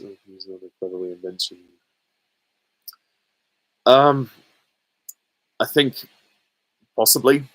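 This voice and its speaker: A man's voice: fairly low pitch, fairly bright tone, rough recording. Hesitant man musing through viewer questions. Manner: musing, hesitant, many fillers. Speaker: channel host. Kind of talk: casual Q&A with viewers.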